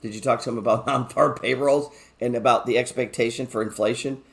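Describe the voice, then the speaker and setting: A man's voice: medium pitch, steady tone, a little fast, gravelly, a bit bright. A man hosting a live stock market show, chatting casually, joking and swearing freely as he talks through his trades. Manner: reads viewer chat aloud.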